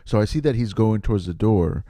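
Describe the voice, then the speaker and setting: A man's voice: on the low side, lively intonation, brisk, mellow, no echo. A man, a podcast host and comedian, telling a rambling story casually, laughing often and poking fun at himself.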